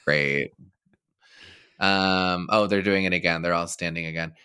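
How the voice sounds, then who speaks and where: Bright, sarcastic male podcast host. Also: low voice, steady tone, measured pace, smooth. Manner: sarcastic, laughs while reading quotes aloud. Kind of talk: casual political banter.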